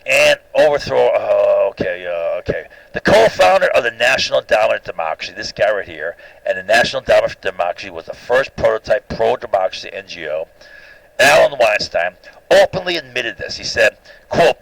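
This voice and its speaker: Animated, gravelly male lecturer. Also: fairly low pitch, brisk, no echo, poor audio. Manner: animated, opinionated, constantly adds "right?". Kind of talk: informal recorded lecture.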